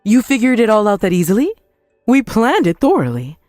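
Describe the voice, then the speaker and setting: A woman voicing a pushy older woman, a scheming ex-mother-in-law who blames everyone else, with shrill, indignant outbursts. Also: very animated, a little fast, darkish tone, dry recording, clean studio sound, faint music behind. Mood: doting. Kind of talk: dramatized story voice acting.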